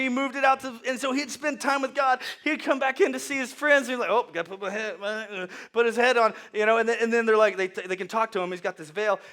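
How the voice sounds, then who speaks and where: A man preaching a sermon, telling the story with lively acted voices and sudden loud outbursts. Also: sits high. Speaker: pastor.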